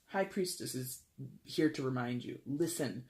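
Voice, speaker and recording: A tarot reader giving a casual, chatty reading, animated and jokey. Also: mid-range voice, a little slow.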